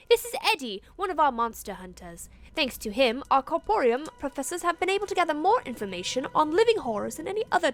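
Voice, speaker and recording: A woman doing a brisk tour-guide staffer. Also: high-pitched.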